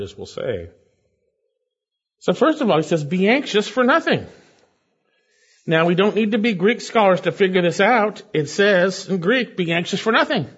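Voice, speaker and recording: A man preaching an expository sermon as pastor, emphatic, with sharp jumps in pitch on key words. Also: husky. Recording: dull, lo-fi church recording.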